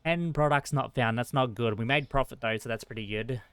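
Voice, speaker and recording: A young man streaming a shop game, talking fast and frazzled to his customers and himself. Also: mid-range voice, fairly bright tone, clear, resonant tone, no room sound. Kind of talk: live-streamed gameplay commentary.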